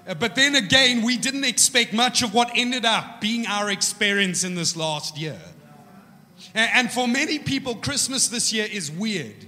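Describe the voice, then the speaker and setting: A man preaching a sermon in a church, casual and joking, telling stories with animated energy. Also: high voice, moderate pace. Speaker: pastor. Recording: echoey church hall.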